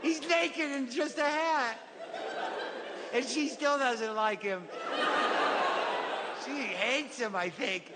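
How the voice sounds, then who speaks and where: A man voicing a small child who excitedly reads a picture book in a sing-song, emphatic way. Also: very high-pitched, slow, long pauses, voice pushed up. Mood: giddy. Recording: live club, echoey hall, audience noise.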